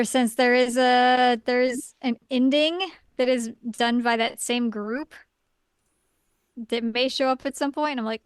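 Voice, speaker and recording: Sarcastic young woman, clear voice. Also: on the high side, steady tone, measured pace, no room sound. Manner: dry, sarcastic asides. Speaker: podcast co-host. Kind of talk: casual chat.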